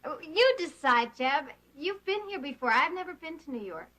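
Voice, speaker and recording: A woman's voice: high voice, expressive, normal speed, a bit bright. An actress playing an eager, giggly young woman new to the city in an 1980s TV soap. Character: young woman called Elena, wide-eyed newcomer.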